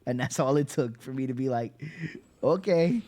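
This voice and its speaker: A man's voice: mid-range voice, flat delivery, fast, dark tone. A man streaming a game, chatting in a laid-back way and muttering at what is on screen. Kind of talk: casual chat while gaming.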